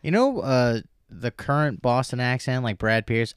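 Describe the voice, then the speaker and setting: A man's voice: mid-range voice, lively intonation, unhurried, smooth, no echo, clean studio sound. A man co-hosting a podcast, joking in casual, profane, goofy banter. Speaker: podcast co-host. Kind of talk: casual chat.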